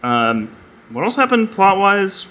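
A man's voice: high-pitched, big pitch swings, slow, bright, forceful tone. A man co-hosting a podcast in casual chat, wry and hesitant, often trailing off. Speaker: podcast co-host.

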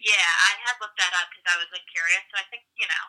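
A woman's voice: on the low side, fast, pushed and bright, poor audio. A young woman guesting on a podcast, chatting in a gushy, conversational way with lots of "like". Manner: gushy, conversational, says "like" often. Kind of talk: casual podcast chat.

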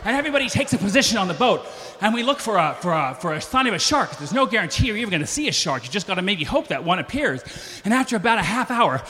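A man telling a funny personal story live on stage, animated and acting out other people's voices. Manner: animated, acts out voices with big pitch jumps. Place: stage before a live audience. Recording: live stage recording with long reverb.

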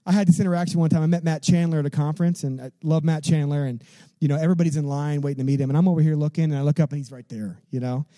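A man preaching a sermon as a pastor, in an animated, conversational way, full of rhetorical questions and casual fillers. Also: a little high, rapid-fire, dry recording.

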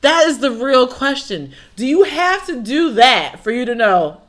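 A woman's voice: sits high, very animated, unhurried. A woman co-hosting a casual podcast, reacting expressively and laughing often. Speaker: podcast co-host. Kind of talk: casual chat.

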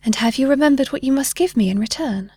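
A tiny, sweetly sly fairy with a lilting sing-song voice, pitched a little high, as a woman reads her aloud. The storybook voice is close and dry. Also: quick pace, a little mellow, slightly rough, dry recording.

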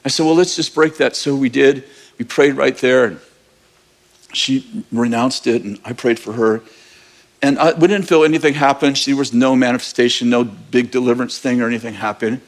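A man's voice: medium pitch, steady tone, moderate pace. A man preaching as pastor, telling a personal story in a casual, candid way and laughing now and then. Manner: conversational, candid, with bursts of laughter. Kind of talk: sermon storytelling.

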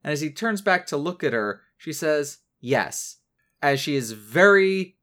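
A man co-hosting a casual chat, narrating cartoon plot points in a measured way and laughing often. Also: a little high, animated, bright, forceful tone. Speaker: podcast co-host.

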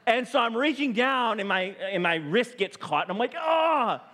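A high-voiced man preaching a Sunday sermon to his congregation. He tells stories animatedly, jumping into his own voice and others' as he recounts them. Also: moderate pace. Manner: animated storytelling, acting out his own quoted reactions. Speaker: pastor. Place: church.

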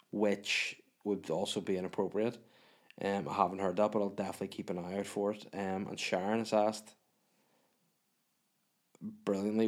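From a room at home, a man with a Northern Irish accent hosts a casual solo podcast, answering listener questions in a sweary, self-mocking, rambling way. His voice is on the low side.

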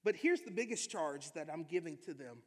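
Man, pastor, emphatic sermon, high voice, long reverb in a church sanctuary. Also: a little fast. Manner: energetic, emphatic preaching with call-and-response.

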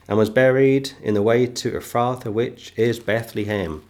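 A man teaching a Bible sermon, reading King James verses slowly and repeating phrases for emphasis. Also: medium pitch, fairly even intonation, darkish tone. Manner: reads scripture slowly, then comments with emphatic repetition. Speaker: preacher.

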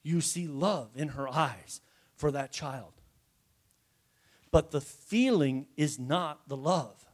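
Folksy high-voiced male preacher. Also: animated, takes it slowly, long pauses. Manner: folksy, jokey, asks the congregation questions. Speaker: pastor. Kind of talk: sermon. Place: church before a congregation.

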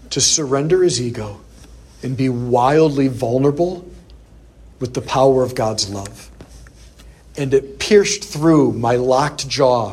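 Husky-voiced man telling a story as a sermon. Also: mid-range voice. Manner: animated storyteller, acts out quoted lines. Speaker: priest.

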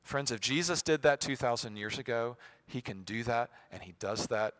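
A man preaching a sermon, swinging from hushed, soft passages to loud, emphatic ones and acting out quoted voices. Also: mid-range voice, moderate pace. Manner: acts out quoted voices with sarcasm.

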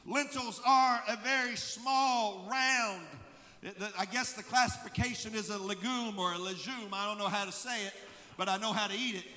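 High-voiced preaching pastor, man. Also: moderate pace, big-room sound. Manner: preaching, building to shouted emphasis. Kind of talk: sermon. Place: church sanctuary.

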